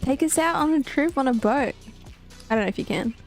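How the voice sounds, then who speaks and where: A woman chatting casually with friends on a gaming call, talkative and quick to laugh. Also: high voice, lively intonation, soft background music. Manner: chatty, laughs easily, swears. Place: voice chat while gaming.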